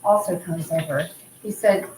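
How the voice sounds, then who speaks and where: A woman's voice: lowish voice, moderate pace, a little mellow. A woman in an agitated, rambling monologue, repeatedly relaying what others told her. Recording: roomy echo, faint background noise.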